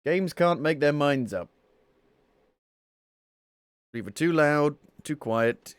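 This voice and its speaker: A young male streamer chatting over his gameplay with dry, playful sarcasm. His voice sits a little high for a man. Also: animated, slow pace, clear, resonant tone, no echo. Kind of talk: casual gameplay commentary.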